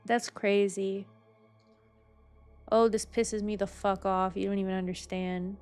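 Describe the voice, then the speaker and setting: A woman with a medium-pitched voice speaks a little slowly, with faint music behind her. Streaming a game in casual chat, she's excitable and profane, ranting with lots of swearing and bursting into shrieks.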